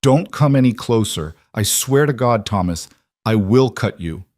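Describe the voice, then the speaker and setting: A man's voice: lowish voice, expressive, measured pace, darkish tone, dry recording, clean studio sound. A man voicing a defiant frontier mother who fiercely protects her child.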